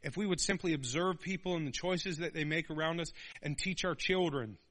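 An animated pastor in his thirties preaches and keeps asking his listeners for an amen. His voice is bright and forward and sits a little high. He slips into little acted voices to make his points. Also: brisk. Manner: animated, calls for amens, acts out voices. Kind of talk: sermon.

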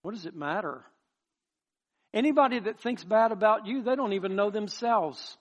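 A man preaching a sermon as pastor, impassioned and emphatic, turning soft and pleading at times. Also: high-pitched, animated, normal speed.

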